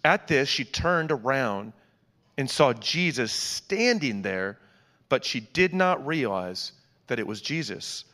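A man's voice: medium pitch, big pitch swings, slow pace, pushed and bright, long reverb tail. A man reads scripture aloud in church in an earnest, dramatic way and adds small asides. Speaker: scripture reader.

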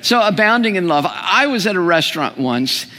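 A man with a high voice preaches a humorous sermon at normal speed, animated and frequently asking his listeners questions. The recording carries a long hall reverb.

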